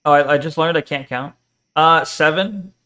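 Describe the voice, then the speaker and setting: A man's voice: fairly high pitch, moderate pace, sharp tone. A man casually chatting and joking while streaming a game, reading chat aloud and swearing now and then. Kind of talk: casual live game commentary.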